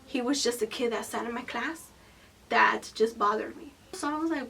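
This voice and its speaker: Woman, 20s, high-pitched, slightly off-mic, blunt and expressive storytime narration. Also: moderate pace, gravelly, breathy edge, distant mic. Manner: animated, profane, candid storytelling; swings between loud bursts and hushed whispered asides. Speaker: vlogger. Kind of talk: storytime vlog.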